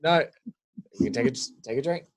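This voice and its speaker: A man's voice: on the high side, fairly quick. A young adult man co-hosting a podcast, rambling through casual film chat with many restarts. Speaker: podcast co-host.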